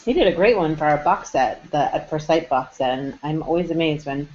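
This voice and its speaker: A woman hosting a live online chat show, upbeat and quick to laugh. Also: low-pitched, darkish tone, slight background noise. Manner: bubbly, upbeat, laughs easily. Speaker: host. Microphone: video call. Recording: dull lo-fi web call audio.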